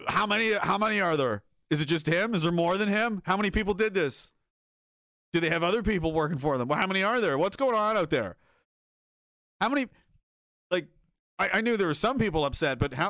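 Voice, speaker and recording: A man streams loose, rambling commentary in a fairly high voice, restarting sentences, swearing freely and chuckling between thoughts. His voice sits close and dry, with no room sound around it. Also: fairly bright tone, no echo. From North America. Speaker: streamer reading chat. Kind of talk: casual commentary.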